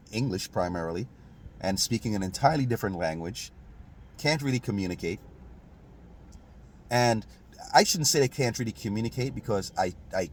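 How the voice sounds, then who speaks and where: A man's voice: lowish voice, darkish tone, slight background noise. Easygoing man chatting about history. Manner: conversational, laughs often, restarts sentences. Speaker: host. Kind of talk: casual history chat.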